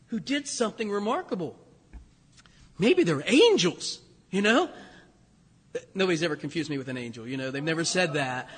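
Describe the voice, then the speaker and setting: Male pastor, bright husky voice, lively storytelling sermon in a reverberant church hall. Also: high-pitched. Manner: animated storytelling, conversational asides. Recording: echoey hall with long reverb.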